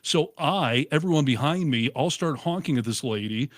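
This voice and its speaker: A middle-aged man in casual chat, telling stories with animated, acted-out quotes. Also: fairly high pitch, normal speed, dry recording, studio quality. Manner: animated storyteller, acts out quotes. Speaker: co-host.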